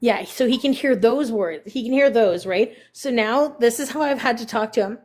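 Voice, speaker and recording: A woman hosting a casual live stream, chatting with viewers and cooing at her dogs in a high baby voice. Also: normal speed, a little mellow. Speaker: livestream host.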